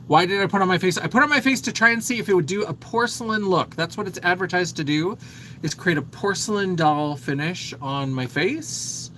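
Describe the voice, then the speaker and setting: A man's voice: high-pitched, brisk, pushed and bright, a little hiss or hum, rough recording. A man in his thirties hosting a casual makeup livestream, chatting and reading viewer comments aloud. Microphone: phone.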